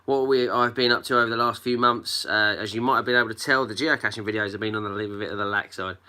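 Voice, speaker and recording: A man's voice: lowish voice, fairly even intonation, quick pace, pushed and bright, smooth. Guy doing a jokey livestream from home on his phone, says hi to everyone by name. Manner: chatty, greets commenters by name, jokey. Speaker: geocaching livestream host. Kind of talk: casual live-stream chat.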